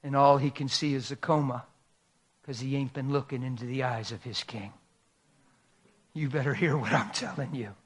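A man's voice: mid-range voice, steady tone, normal speed, long pauses, breathy edge. A man preaching a sermon as a pastor, telling a story in a dramatic, folksy and emphatic way.

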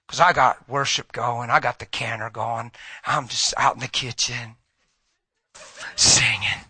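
A middle-aged man preaching a sermon, telling a personal story and swinging from loud, fast passages to hushed whispers. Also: medium pitch, fairly even intonation, breathy edge, no room sound. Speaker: pastor. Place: church hall with audience.

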